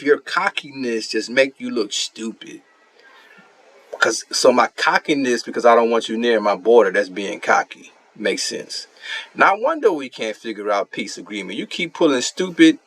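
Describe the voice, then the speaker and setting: A man's voice: mid-range voice, animated, moderate pace, fairly bright tone, no echo. A man giving casual commentary on a strategy game, ranting in an indignant, mocking way about another player.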